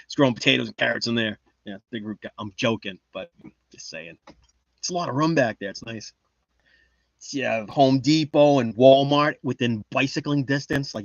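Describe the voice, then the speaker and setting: A man's voice: mid-range voice, dry recording, muffled recording. A man chatting casually on a livestream, reading the chat and rambling in a boastful, joking way. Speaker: livestream host.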